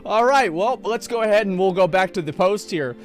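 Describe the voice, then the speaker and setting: A high-voiced male streamer gives live reaction commentary a little fast, reading posts aloud over soft background music. He's blunt and profane, and when he gets worked up he stumbles and repeats words.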